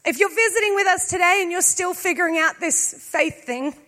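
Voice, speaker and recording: Woman pastor with a very high voice, delivering a casual, humorous sermon with slow emphatic pauses. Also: pushed and bright.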